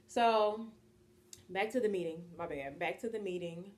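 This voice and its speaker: An American woman in her twenties telling a story in a casual, animated, slangy vlog style and acting out what people said. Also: on the low side, measured pace. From United States. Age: 20s. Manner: animated, chatty, slangy, acts out quotes. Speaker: vlogger.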